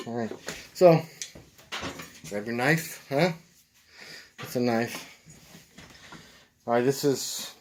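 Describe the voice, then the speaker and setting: A man's voice: mid-range voice, a little mellow. A man demonstrating knife making in his workshop, talking casually and rambling with joking asides to viewers. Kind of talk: casual unscripted workshop demo. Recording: noisy workshop with machine noise.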